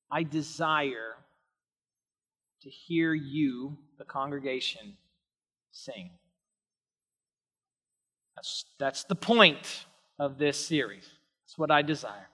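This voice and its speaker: Man preaching a sermon, emphatic, soft-to-loud swings, long church-hall reverb. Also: on the high side. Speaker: pastor. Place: church sanctuary.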